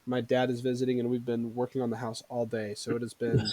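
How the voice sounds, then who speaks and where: Male game master, easygoing, chatty, mid-pitched, laughs often. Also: quick pace, no room sound. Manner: relaxed and chatty, laughs easily. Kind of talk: casual chat before a tabletop game session.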